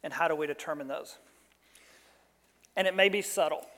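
Animated preacher in an echoing hall. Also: male voice, fairly high pitch, moderate pace, a little hiss or hum. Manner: animated storytelling, jumps loud on quoted lines. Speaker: pastor. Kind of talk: sermon with personal story.

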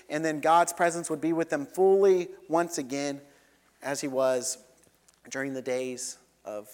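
A man preaching a sermon as a pastor, earnest, swinging between loud emphatic lines and soft quiet ones. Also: a little high. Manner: earnest, rises and falls between loud and soft, leads congregation in repeating. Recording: long reverb of a hall.

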